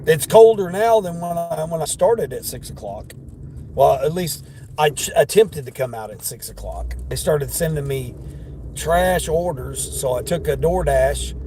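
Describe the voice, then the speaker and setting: Midwestern man, live-streaming delivery driver, high and leisurely, loud car noise. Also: lively intonation, unhurried. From Midwestern United States. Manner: chatty, laughs often, greets viewers by name. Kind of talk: casual live-stream chat while driving. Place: inside a car on the road. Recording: road and car noise behind.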